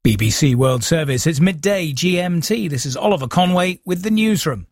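A man presenting the news headlines in a brisk, formal way. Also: on the high side, lively intonation, creaky, a little hiss or hum.

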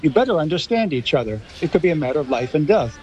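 A man's voice: fairly high pitch, very animated, fast talker, dull audio, over a noisy crowd. A man linguist on a radio panel, making his case firmly with examples. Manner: firm, argumentative with examples. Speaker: linguist guest, teacher.

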